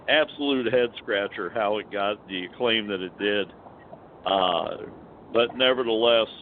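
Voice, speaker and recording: A middle-aged man, a podcast co-host, talking in a laid-back, wry way in casual chat. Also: lowish voice. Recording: tinny phone line with faint hiss.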